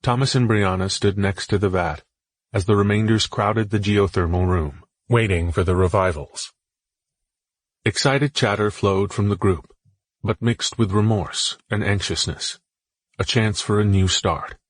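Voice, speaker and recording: A man narrating an audiobook in a measured, solemn storytelling voice. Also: lowish voice, no echo.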